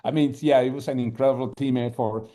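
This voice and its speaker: A man giving brief, halting congratulations to a team on a group video call. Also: medium pitch, fairly even intonation. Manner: halting and warm, with hesitations.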